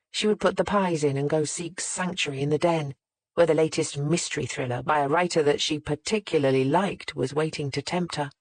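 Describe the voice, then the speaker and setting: Measured audiobook narrator, dry sound. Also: mid-range voice, dry recording. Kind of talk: scripted narration.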